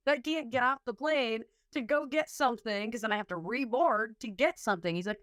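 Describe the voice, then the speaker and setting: A woman's voice: a little high, fairly quick, hardly any pauses, fairly bright tone, no room sound, studio quality. A woman hosting a podcast in casual chat, telling a story with lots of laughter and acting out her own reactions. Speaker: podcast host.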